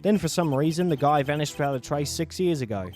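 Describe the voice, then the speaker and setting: A man's voice: a little high, lively intonation, quick pace, darkish tone, close to an everyday voice. A man putting on a blunt Australian detective. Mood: explaining. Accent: put-on Australian. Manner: casual, says "mate". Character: laid-back Australian male detective, blunt and offhand.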